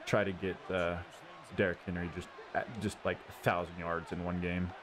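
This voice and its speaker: A man hosting his gaming channel, giving casual running commentary on his own football video game and cheering loudly at big plays. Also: low voice, flat delivery, moderate pace. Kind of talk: live gameplay commentary. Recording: audible background noise.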